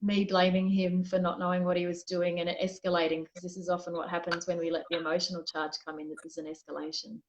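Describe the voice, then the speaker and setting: A woman's voice: lowish voice, level tone, fast talker, hardly any pauses, highs cut off, noisy background. A woman being interviewed as a guest, telling a personal story in a candid, reflective way and often restarting her sentences. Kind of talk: conversational interview.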